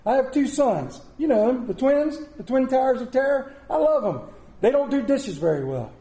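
A middle-aged pastor preaching a sermon in a church, animated and mixing comic asides with scripture. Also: male voice, very high voice, moderate pace, roomy sound. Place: church sanctuary.

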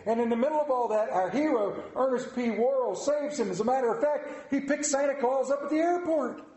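A man preaching a sermon, telling stories dramatically with big swings in pitch and loudness. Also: a little fast. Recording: echoey room.

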